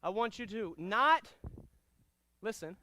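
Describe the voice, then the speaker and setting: A man teaching a karate class, giving energetic commands and calling out drills and counts. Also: high-pitched, slow pace, background noise. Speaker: karate instructor. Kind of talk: martial arts class instruction.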